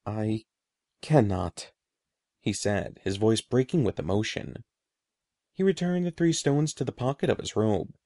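A man reading a children's adventure story aloud in a measured storybook way, voicing the dialogue. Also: mid-range voice, very animated, mellow, no room sound, studio quality. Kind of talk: scripted narration.

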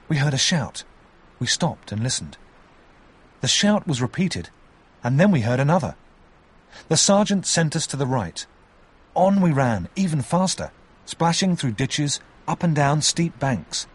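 A man reading a story aloud with expressive narration. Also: mid-range voice, slightly rough.

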